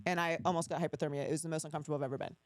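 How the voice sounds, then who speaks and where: A woman hosting a casual interview, asking curious, quick follow-up questions. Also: low voice, fairly even intonation, no echo. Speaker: host.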